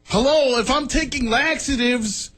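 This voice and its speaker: A man's voice: very high voice, a little slow, a bit bright, faint music behind. A man co-hosting a radio show, protesting and exasperated as he pleads his way out of a dare. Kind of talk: casual radio banter.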